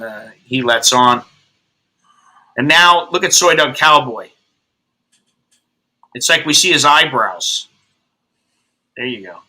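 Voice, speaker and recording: A man's voice: medium pitch, pushed and bright, low-quality recording. A man from the United States hosting a casual video call chat, blunt and joking. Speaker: host. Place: home in Bangkok.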